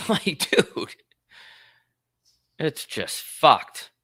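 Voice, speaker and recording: A man's voice: on the high side, sing-song, extremely slow, pushed and bright, husky, no room sound. A young man hosting a casual solo show, riffing aloud in a crude, rambling way with lots of swearing and laughter. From United States. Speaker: podcast host.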